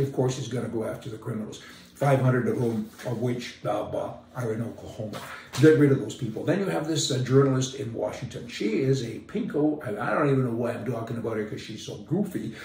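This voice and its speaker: A man's voice: mid-range voice, mellow, slight background noise. Folksy, sarcastic man in a roomy echo. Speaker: political commentator. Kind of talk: opinionated monologue. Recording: roomy, distant mic.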